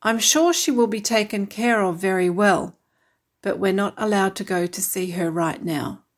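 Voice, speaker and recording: A woman voicing a tired but caring mother in a storybook reading, speaking gently and reassuringly. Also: medium pitch, moderate pace, close to an everyday voice.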